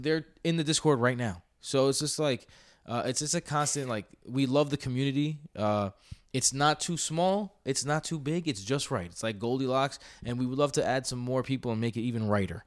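A man hosting a casual sports podcast, talking in an excitable, rambling way with frequent restarts. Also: medium pitch, fairly quick. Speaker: podcast host.

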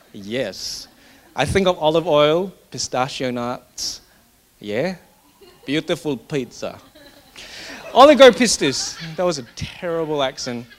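A man preaching a sermon in a conversational, joking way, often restarting his sentences. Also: a little high. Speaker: pastor.

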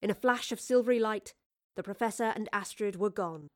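Woman narrator, audio drama, expressive, clear, mid-pitched. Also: a little fast.

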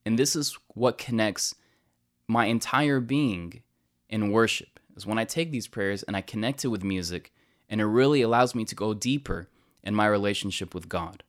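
A man teaching about a church hymn in an earnest, explanatory way, slowing down to stress key words and often restarting his sentences. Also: fairly low pitch.

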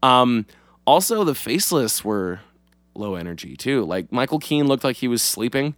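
A man's voice: medium pitch, very animated, normal speed, no echo. Young man rambling with lots of fillers. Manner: rambling, heavy on fillers and "like", swears freely. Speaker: podcast co-host. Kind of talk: casual chat.

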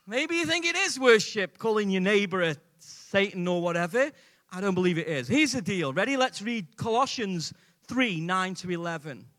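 A man's voice: high-pitched, sharp tone. A man preaching a sermon to a live congregation in a conversational way, often asking the audience questions. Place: church before a live congregation.

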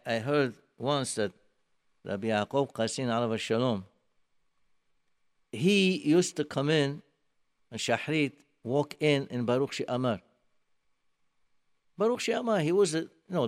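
A man giving a sermon, telling a story emphatically and swinging between soft and loud, with many restarts. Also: mid-range voice. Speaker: rabbi giving a talk.

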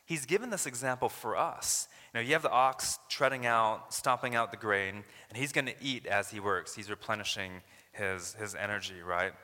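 A man's voice: fairly low pitch, normal speed, hardly any pauses, sharp tone, in a large hall. A man from Canada preaching a sermon as a pastor, earnest and building to emphatic paraphrases of scripture.

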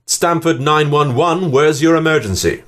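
A man's voice: fairly high pitch, moderate pace, natural voice. A man playing an emergency dispatcher who keeps firing urgent questions at a caller. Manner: urgent repeated questioning, raised voice.

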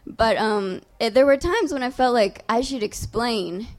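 With a fairly high-pitched voice and a measured pace, a young adult woman shares a personal story live on stage for an audience. Her telling is casual, self-mocking and sprinkled with profanity.

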